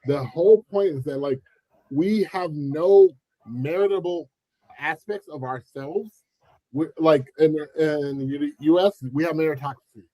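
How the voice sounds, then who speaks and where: A man's voice: on the high side, unhurried, mellow, no echo, poor audio. A man hosting a casual commentary chat, talking animatedly and acting out quoted voices with frequent restarts. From United States. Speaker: channel host.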